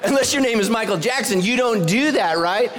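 A man in his forties preaching a humorous sermon as pastor. He jokes with the congregation, climbs to near-shouts on punchlines, and drops low and soft when he prays. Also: brisk, slight background noise. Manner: animated, joking, rising to near-shouts on punchlines.

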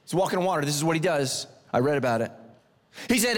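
A middle-aged man preaching a sermon in a church, animated and joking, swinging his pitch up and down for emphasis. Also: racing, big-room sound. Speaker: pastor. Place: church sanctuary.

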